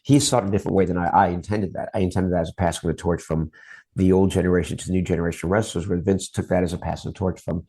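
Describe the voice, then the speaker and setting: A man's voice: sits low, fairly even intonation, very fast, mellow, husky. A middle-aged man, a guest on an interview show, telling long stories about his work in TV promos in a casual chat style. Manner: long anecdotes, acts out quoted voices.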